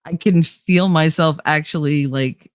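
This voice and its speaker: A woman's voice: sits low, a little slow, no echo, clean studio sound. A woman with a New Jersey accent hosting a casual livestream chat, laughing often and going nasal at times. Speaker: host.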